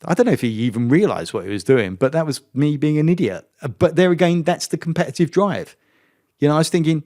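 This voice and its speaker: A middle-aged man, a former racing driver and podcast guest, telling a story in a lively, self-mocking way and acting out the dialogue. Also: on the high side, quick pace. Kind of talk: anecdotal storytelling interview.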